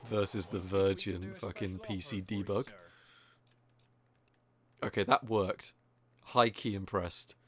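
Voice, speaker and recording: A man's voice: low-pitched, fairly even intonation, slow, pauses often, fairly bright tone. A man giving casual, joking commentary while speedrunning a game, teasing other players and swearing now and then. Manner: joking, mocking, swears casually, many fillers.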